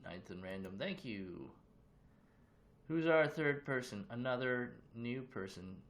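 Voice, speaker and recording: A man's voice: medium pitch, animated, slow pace, a little hiss or hum. Loose, chatty man hosting a livestream. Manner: loose, chatty, greets viewers with questions. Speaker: livestream host. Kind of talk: casual livestream chat. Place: his own room.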